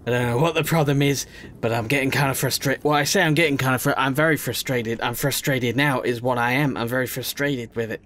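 A man's voice: mid-range voice, fairly even intonation, a little fast, fairly bright tone. A young man giving rambling, self-mocking commentary as he plays a video game. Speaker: gaming YouTuber. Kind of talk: casual gameplay commentary.

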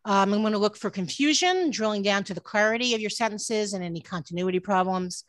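A woman's voice: medium pitch, a little fast, dry recording. A woman editor talks through her craft over a video call, earnest and full of restarts and "um"s. Her voice sits in a middle range and sounds close and dry, with no room around it. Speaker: book editor giving a talk. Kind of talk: online workshop presentation. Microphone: computer mic on a video call.

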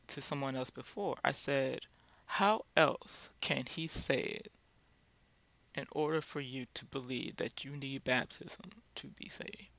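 Guy doing a bible talk, gravelly voice, real dry close sound, keeps asking the listener questions. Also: on the high side, a bit bright, no echo. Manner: direct, repeats points with rhetorical questions. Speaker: Bible teacher. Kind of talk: informal Bible teaching.

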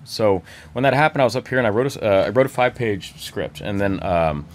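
A fairly low-voiced man talks as a guest filmmaker. He answers in a chatty, loose way, often stopping and starting his sentences over. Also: lively intonation, fast talker. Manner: chatty, full of stops and restarts. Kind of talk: interview answers.

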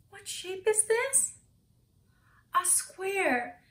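A woman's voice: very high-pitched, very animated, very slow, pushed and bright, roomy sound. A woman teacher reading a picture book aloud to children, asking them questions and gasping for effect.

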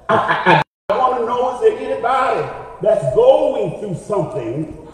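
A man preaching a sermon, building to shouted, half-sung lines and asking the congregation for witnesses. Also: sits high, very animated, a little slow. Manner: rising to shouted, half-sung climaxes with congregation call-outs. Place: church sanctuary. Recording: echoey hall with long reverb.

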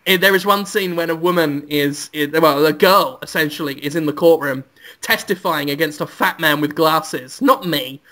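A man, a podcast co-host, telling an absurd comic story and giggling often. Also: moderate pace. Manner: giggly, absurd deadpan pitch.

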